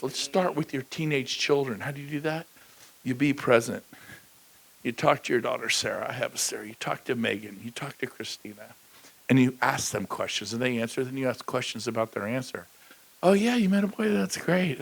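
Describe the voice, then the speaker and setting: Gravelly man giving a punchy stage talk. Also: medium pitch, low-quality recording. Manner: energetic, blunt and joking, with sudden loud bursts. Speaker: keynote speaker. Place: conference stage.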